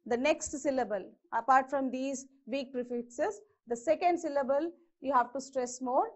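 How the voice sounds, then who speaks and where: High-voiced woman teaching English stress. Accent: Indian English. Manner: slow, repeats each word to model its pronunciation. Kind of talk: exam-prep grammar lesson. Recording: dull lo-fi sound.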